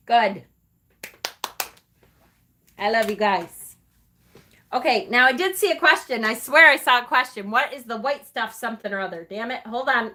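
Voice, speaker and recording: A middle-aged livestream host talks in a fairly high voice that sounds pushed and bright. Casual and affectionate, she chatters along with lots of fillers and emotional asides.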